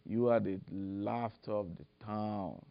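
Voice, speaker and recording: Gravelly Liberian-accented man on a panel. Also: on the low side, fairly even intonation, slow pace. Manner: earnest, repeats key phrases. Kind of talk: public discussion. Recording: dull lo-fi event recording.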